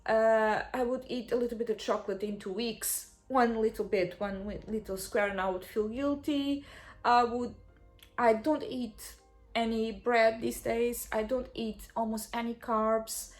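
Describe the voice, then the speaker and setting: A young woman vlogger telling a personal story in a halting, heartfelt way, often restarting and apologizing. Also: on the high side, steady tone, soft background music.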